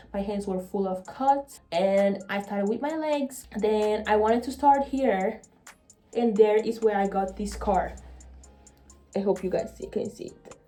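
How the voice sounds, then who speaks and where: A young woman vlogger telling a personal story in an earnest, halting way, emotional and often repeating her words. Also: mid-range voice, mellow.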